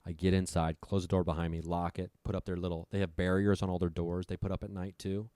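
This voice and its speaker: Male guest, low voice, profane storyteller, dry mic. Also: level tone, fast talker, warm tone, dry recording. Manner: profane, breathless retelling. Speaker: podcast guest. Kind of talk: storytelling on a comedy podcast.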